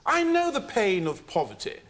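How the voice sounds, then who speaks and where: A man giving a mock-grand comic speech in a debate, with a deadpan delivery. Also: high-pitched, normal speed.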